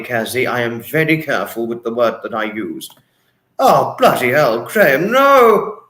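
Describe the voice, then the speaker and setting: A man's voice: medium pitch, fairly bright tone, roomy sound. A man from England hosting a casual livestream, effusively greeting viewers by name and swearing freely as he reads their comments. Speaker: livestream host.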